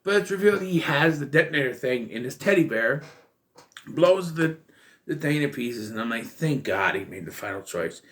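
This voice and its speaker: A man's voice: mid-range voice, lively intonation, normal speed, fairly bright tone. Exasperated man reviewing a movie. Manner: exasperated, blunt and profane. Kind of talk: casual film review.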